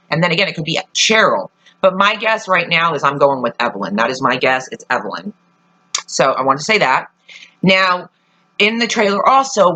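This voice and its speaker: Bright, chatty young woman vlogger. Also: sits low, poor audio. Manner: chatty, swears often, trails off and restarts. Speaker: vlogger reviewing a TV trailer. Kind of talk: casual chat.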